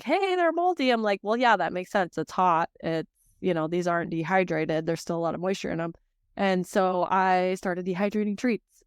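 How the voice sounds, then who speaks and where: Smooth-voiced woman chatting about her work. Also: fairly low pitch, no echo, studio quality. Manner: warm-hearted, emotional, rambling with restarts. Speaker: dog treat business owner, podcast guest. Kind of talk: casual conversational storytelling.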